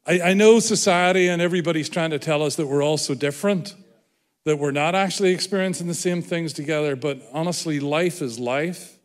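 A man's voice: a little high, a little fast. Irish man, guest preacher, chatty and self-mocking, long church-hall reverb. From Ireland. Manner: self-deprecating, jokey, chatty. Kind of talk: sermon.

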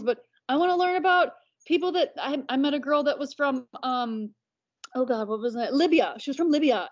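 A woman, chatting as a podcast guest and filling her talk with "like". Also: sits high. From United States. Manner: chatty, many "like" fillers. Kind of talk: casual conversation. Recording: dull lo-fi audio.

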